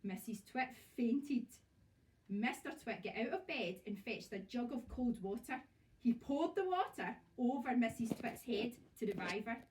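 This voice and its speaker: A Scottish woman teacher reads a children's story aloud with lively expression. Her voice sits fairly high, and she sounds some way off from the microphone in a classroom. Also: a little slow, a little hiss or hum. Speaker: primary school teacher. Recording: voice from far off.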